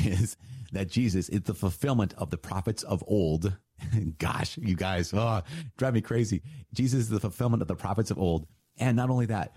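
Deep, husky, emphatic preacher man. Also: no echo, studio quality. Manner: animated, emphatic, laughs and jokes with sarcasm. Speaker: priest teaching on scripture. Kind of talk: conversational sermon.

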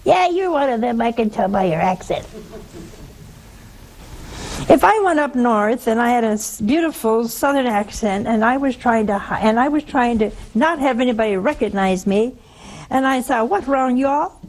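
A woman's voice: fairly high pitch, expressive, moderate pace, darkish tone, slight background noise. A woman preaching a sermon, telling a story in a conversational way and asking the audience rhetorical questions.

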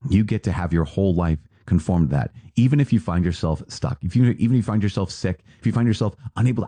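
A man, a priest, giving an earnest sermon-style reflection on a podcast with lively asides. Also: sits low, quick pace, few pauses, breathy edge, no room sound.

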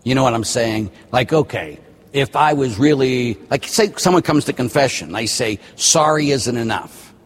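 Husky male priest guest, lively delivery, plays out little scenes, long reverb. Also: mid-range voice, normal speed. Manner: animated, acts out quoted dialogue. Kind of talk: casual chat.

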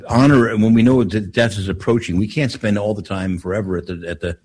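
Low husky-voiced older priest. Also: male voice, fairly even intonation, darkish tone. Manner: unhurried storyteller with frequent restarts. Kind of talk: call-in radio talk, telling stories.

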